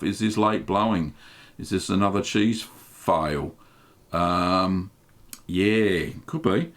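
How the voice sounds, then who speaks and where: Gravelly low-voiced Australian man. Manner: relaxed and chatty, many ums. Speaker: host. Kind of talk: live-stream Q&A, reading chat aloud.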